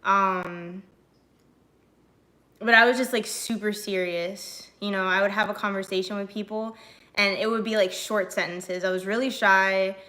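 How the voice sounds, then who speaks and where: A young woman streamer chatting casually with her viewers, animated and full of fillers, reading and answering chat messages. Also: mid-range voice, measured pace. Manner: chatty and animated, many fillers, laughs often.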